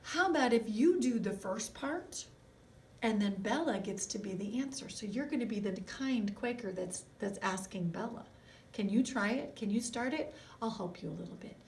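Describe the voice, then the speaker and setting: A woman's voice: mid-range voice, lively intonation, distant mic, a little hiss or hum. A woman music teacher giving a recorded video lesson to young children, talking in an encouraging way and asking them lots of questions. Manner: slow, encouraging, asks children many questions.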